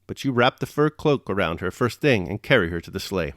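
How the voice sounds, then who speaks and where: A man voicing a bold, scheming nobleman in an audiobook, brisk and commanding. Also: deep voice, expressive, a bit bright, dry recording, clean studio sound. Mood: knowing.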